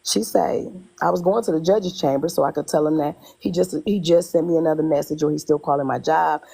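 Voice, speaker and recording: A woman telling a personal story in casual conversation, animated, often repeating herself and acting out what people said. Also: low voice, brisk, vocal fry, breathy edge, rough recording. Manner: animated, retells dialogue in quotes, repeats herself. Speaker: guest telling her story.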